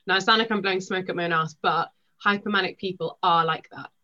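A young woman, a podcast guest, talking quickly and animatedly, acting out the things people said. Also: lowish voice. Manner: rapid, animated storytelling with acted-out quotes. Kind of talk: podcast conversation. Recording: dull lo-fi sound.

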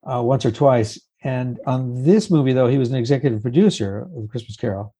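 A man's voice: mid-range voice, fairly quick, mellow, husky, low-quality recording. A man speaking as the guest of an interview, telling stories with chuckles and restarts. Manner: storytelling, chuckling, trailing restarts. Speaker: guest puppeteer. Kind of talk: casual interview chat.

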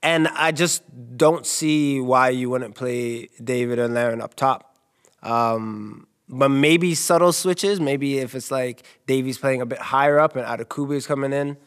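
A young man from Canada co-hosting a casual soccer talk show, telling stories with lively quoted voices. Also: mid-range voice, measured pace, smooth. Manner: animated storyteller, jumps into quoted voices. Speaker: co-host and soccer analyst. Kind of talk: casual sports chat.

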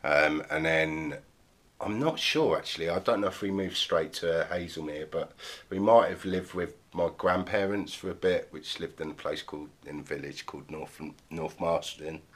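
A man with a southern English accent and a very low, deep voice talks as a podcast guest. He rambles through his story with many ums, "sort of" and "like". The delivery is casual and unhurried. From southern England. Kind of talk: casual interview talk.

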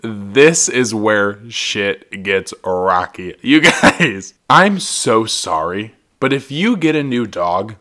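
A man's voice: fairly low pitch, very animated, slow, hardly any pauses, sharp tone. A man hosting a solo podcast, ranting casually while tipsy and laughing often. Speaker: podcast host.

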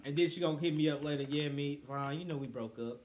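A man's voice: a little high, fast talker, a little hiss or hum. A young man in casual podcast chat, telling profane stories and acting out the people he quotes. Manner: profane, animated storyteller who acts out quotes.

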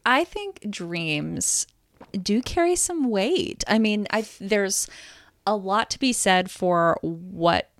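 Gravelly-voiced woman, reflective chat. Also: mid-range voice, animated, slow, dry recording, studio quality. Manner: reflective, hesitant, many ums. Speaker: podcast co-host. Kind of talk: casual chat.

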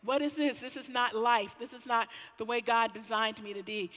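A woman preacher voicing a desperate, lonely sick woman who pours out her despair in a hurried, pleading way. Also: fairly high pitch, fairly bright tone, long reverb tail, close to an everyday voice.

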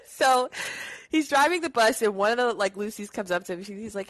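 A woman's voice: medium pitch, a little fast, no room sound. A young woman co-hosting a podcast, casually recapping a movie, laughing often and acting out the quotes. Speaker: podcast co-host.

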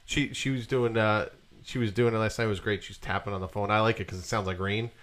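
A man's voice: on the low side, fairly even intonation, fast talker, fairly bright tone. A man co-hosting a livestream call-in show, easygoing and fussy about how the callers sound. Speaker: co-host. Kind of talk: casual call-in banter.

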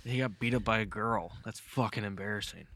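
A young man with a lowish voice chimes into a casual conversation. He drops short, dry jokes and swears freely. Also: fairly quick, sharp tone. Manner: short wry interjections, swearing. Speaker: podcast co-host. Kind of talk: casual chat.

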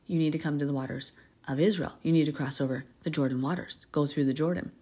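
A woman hosting a Bible podcast, reading scripture aloud and breaking off into expressive, giggly commentary. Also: low-pitched, fast talker, breathy edge. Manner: expressive, giggly, acts out characters in paraphrase.

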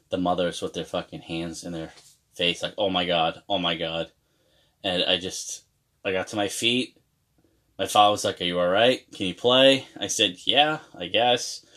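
Profane thirties man telling a story. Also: lowish voice. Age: 30s. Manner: profane, animated storyteller with restarts. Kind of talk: casual storytelling.

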